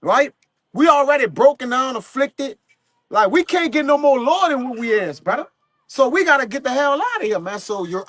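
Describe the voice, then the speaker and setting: A man with a very high voice preaches in a loose, slangy, profane way, chuckling as he goes. The sound is dry and close, with no room around it. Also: fairly bright tone, no echo. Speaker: street preacher. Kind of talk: live group teaching session.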